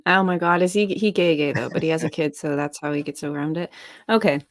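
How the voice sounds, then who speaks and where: A woman hosting a casual chat stream, blunt and teasing, thinking out loud. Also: low voice, fairly quick. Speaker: stream host.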